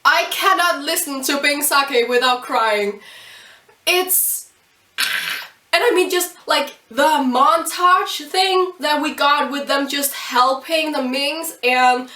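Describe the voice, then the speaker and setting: A young woman reviewing an anime episode in a casual video, gushing and excitable, breaking into laughs and exclamations. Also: high voice, slow pace. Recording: roomy sound from a distance off the mic.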